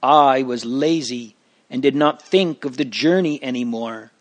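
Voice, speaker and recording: A man's voice: mid-range voice, measured pace, natural voice. A man voicing an earnest, fearful young male pilgrim in a storybook reading, pleading and lamenting. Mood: remorseful.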